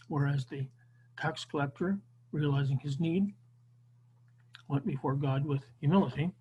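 A man's voice: on the high side, a little mellow, slight background noise, low-quality recording. A man teaching an online Bible class, lecturing unscripted with frequent restarts and fillers over a video call.

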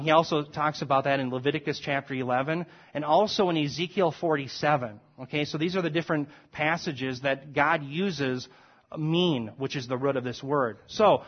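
A man teaching a Bible class from slides in a conversational way, often checking in with his listeners. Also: fairly high pitch. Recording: dull lo-fi recording.

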